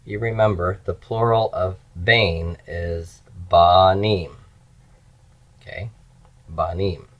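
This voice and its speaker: A man teaching grammar in a slow, explanatory lecture, repeating key forms as he goes. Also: sits low. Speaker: Hebrew teacher. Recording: dull lo-fi lecture recording.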